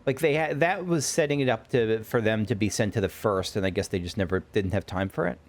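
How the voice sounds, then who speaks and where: A man's voice: lowish voice, brisk. A man giving casual let's play commentary, rambling and correcting himself with wry asides.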